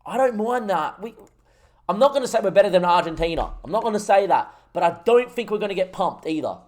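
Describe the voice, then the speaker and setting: Excitable Australian man commentating his game. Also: high-pitched, fast talker. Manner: excitable, shouts at goals, talks to chat. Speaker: gaming streamer. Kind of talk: live commentary over a football management game.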